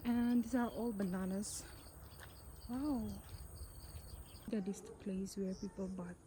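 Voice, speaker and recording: Slow-talking young woman outdoors. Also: mid-range voice, fairly even intonation, warm tone, a little hiss or hum. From Nagaland, northeast India. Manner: chatty, exclamatory, thinks aloud. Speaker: vlogger. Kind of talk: casual walking vlog. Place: outdoors on a rural farm.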